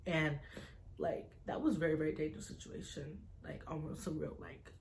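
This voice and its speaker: A young woman, a vlogger, recounting a personal story to camera in an animated, tense way, full of fillers. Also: sits low, moderate pace, slight background noise. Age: young adult. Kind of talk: casual storytime vlog.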